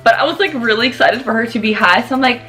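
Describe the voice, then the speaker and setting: A young woman hosting a casual storytime vlog, animated and swearing freely as she laughs through her stories. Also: a little high, fast. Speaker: vlog host.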